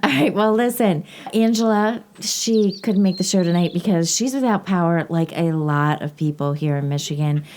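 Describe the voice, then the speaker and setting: A woman's voice: fairly low pitch, normal speed, few pauses, a little mellow, slight background noise. A woman hosting a podcast in casual chat, chatty and laughing often. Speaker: podcast host.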